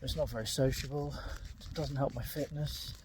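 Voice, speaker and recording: A man's voice: mid-range voice, fairly even intonation, moderate pace, noisy background. A middle-aged man, in pain and limping, talking candidly with lots of ums while walking his dog outdoors, recorded on an earbud mic. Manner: candid, rambling, frequent ums. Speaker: vlogger. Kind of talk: casual walking vlog.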